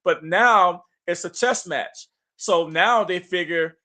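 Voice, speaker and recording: A man with a high, bright voice co-hosts a casual basketball podcast. He talks in punchy, emphatic bursts and hypes the game up. His tone has a forceful edge. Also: slow. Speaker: podcast co-host. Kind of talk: casual sports talk.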